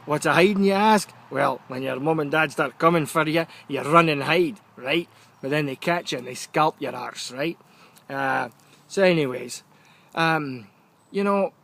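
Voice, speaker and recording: A man's voice: fairly high pitch, vocal fry. Scottish man spinning a comic rant. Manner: animated, keeps checking in with "right?". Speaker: vlogger telling a story.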